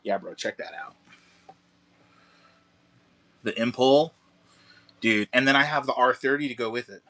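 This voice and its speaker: A man's voice: mid-range voice, unhurried, pushed and bright. Laid-back chatty man selling model kits. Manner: laid-back, chatty, swears casually, calls viewers dude and bro. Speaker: live-stream seller of model kits. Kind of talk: casual live-stream selling chat. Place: car shop garage.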